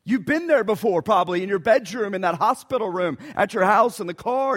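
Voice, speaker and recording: A man's voice: high voice, expressive, fairly quick, few pauses, fairly bright tone. A man preaching a sermon with impassioned, pleading emphasis as he voices prayers. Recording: long reverb of a hall.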